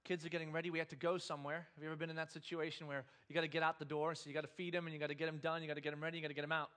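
Pastor, man, 30s; bright, high voice, animated storyteller for a sermon. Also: rapid-fire. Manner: animated storyteller, swings from quiet to loud.

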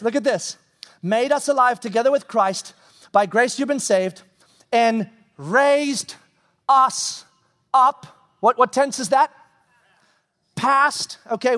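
Male pastor, high voice, lively sermon delivery, long hall reverb. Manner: animated preaching, voices God and himself, shouts at peaks.

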